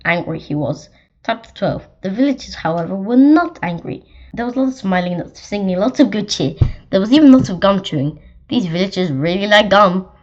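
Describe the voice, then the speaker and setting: A woman reads a children's storybook aloud at a middle pitch, with lively delivery and the odd stumble and restart. The recording is slightly dull and lo-fi. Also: brisk. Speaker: story reader. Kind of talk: reading a children's book aloud.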